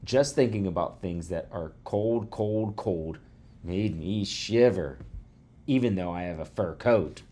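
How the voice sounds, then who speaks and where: A man reading a children's chapter book aloud to students, warm and expressive. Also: low voice, measured pace.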